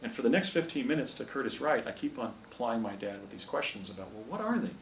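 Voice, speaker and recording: Older man, halting, in an echoey room. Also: mid-range voice. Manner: rambling, halting delivery with frequent restarts. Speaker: speaker presenting images to an audience. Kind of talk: recounting a personal story in a talk. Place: presentation room with a projector. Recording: echoey room, distant mic, faint hiss.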